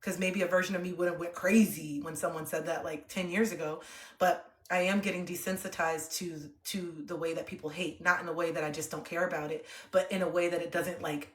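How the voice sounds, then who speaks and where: A young woman livestreamer talking to her chat in a calm, earnest, open way. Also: fairly low pitch. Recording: roomy echo.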